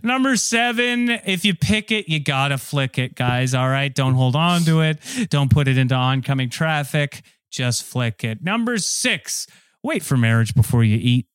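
A man hosting a comedy podcast, reading a silly list in a deadpan, rambling way. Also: mid-range voice, moderate pace, smooth, dry recording. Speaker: podcast host.

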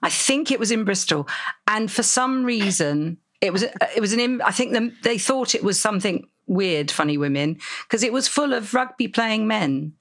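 A woman in casual chat, recalling an old gig with quick asides. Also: medium pitch, animated.

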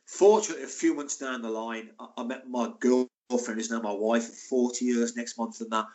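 Animated man in his sixties telling stories. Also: mid-range voice, brisk. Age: 60s. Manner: animated, laughing anecdotes. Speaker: former footballer, guest. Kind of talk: casual storytelling.

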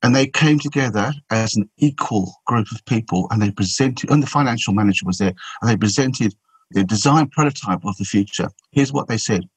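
A man, a podcast guest, telling a story in an animated way and often repeating and restarting his words. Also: fairly low pitch, fairly quick, husky, dry recording, rough recording. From Australia.

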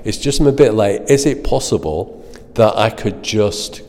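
A man's voice: fairly low pitch, animated, normal speed, a little mellow, in a large hall. A middle-aged man telling self-deprecating stories as an interview guest, laughing at himself as he goes. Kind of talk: anecdotal storytelling.

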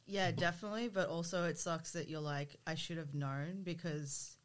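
A woman interviewing casually, responding supportively with short affirmations and quick remarks. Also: deep voice, steady tone. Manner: supportive, frequent short backchannels. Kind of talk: casual conversation.

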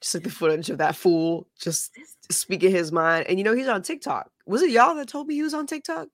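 A woman's voice: mid-range voice, fairly quick, no room sound, clean studio sound. A woman co-hosting a casual podcast, wry, laid-back and blunt. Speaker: podcast co-host. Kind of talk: casual chat.

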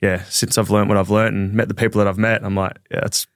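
Relaxed man, low voice. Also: fast talker, no room sound, studio quality. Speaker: rugby league player guest. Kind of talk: casual chat.

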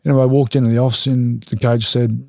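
A man's voice: mid-range voice, flat delivery, quick pace, gravelly, darkish tone, dry recording, clean studio sound. A young Australian man, a rugby league player, telling stories bluntly in a casual interview, swearing freely and acting out what others said.

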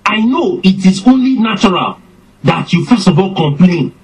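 A man preaching a sermon, slow and emphatic, his voice swinging up and down for effect. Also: sits high, animated, husky, low-quality recording.

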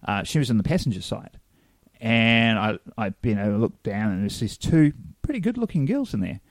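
A man's voice: on the low side, normal speed, dry recording. A New Zealand man co-hosting a podcast, telling stories in casual chat and acting out the quotes. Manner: animated storyteller acting out quotes. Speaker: podcast co-host.

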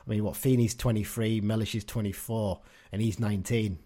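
A man's voice: on the low side, steady tone, a little fast, warm tone. A man co-hosting a casual football podcast, chatty and opinionated, often tagging his points with questions. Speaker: podcast co-host.

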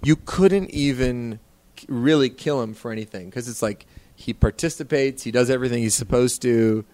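A man's voice: medium pitch, normal speed, a little mellow, dry recording. A man talking on a podcast with friends, telling long, rambling tour stories and acting out other people's lines. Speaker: podcast co-host and touring musician. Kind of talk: casual podcast chat.

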